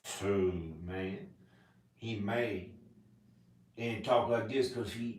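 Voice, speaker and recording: Man vlogging, slow rambling delivery, topic-hopping, off-mic in a roomy space. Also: lowish voice, fairly even intonation, distant mic. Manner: rambling, jumps between topics, sudden loud laughing outbursts. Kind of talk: rambling casual monologue. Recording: echoey room, voice off mic.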